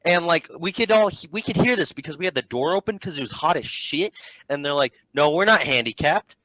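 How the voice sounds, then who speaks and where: A man's voice: a little fast, dry recording, rough recording. A man telling a casual, profane story about an annoying customer, switching into mocking voices for the people in it. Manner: animated, profane, mimics customers in a low mocking voice. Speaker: storyteller among friends.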